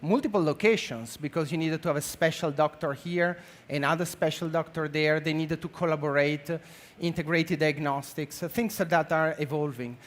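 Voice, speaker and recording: A man with an Italian accent giving a conference talk on a stage, halting and full of fillers. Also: fairly high pitch, steady tone. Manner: halting, many fillers and restarts. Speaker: conference speaker, marketing director. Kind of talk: conference presentation.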